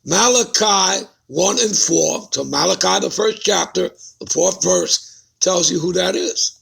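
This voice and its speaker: A man's voice: high-pitched, a little slow, creaky, a bit bright, breathy edge. A man preaching a Bible-study sermon who keeps putting rhetorical questions to his listeners and checking in with them.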